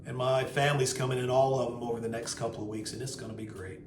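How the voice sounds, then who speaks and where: Casting: man playing a fast-talking New York businessman, clipped and impatient. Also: a little high, lively intonation, a bit bright, reverberant, a little hiss or hum. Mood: calm.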